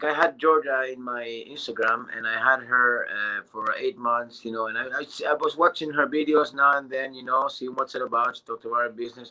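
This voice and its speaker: A man's voice: medium pitch, bright, forceful tone. A man with a Spanish accent, telling his story on a group video call, rambling with many fillers and restarts. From Quebec, Canada. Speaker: new business member. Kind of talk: casual testimonial on a group call.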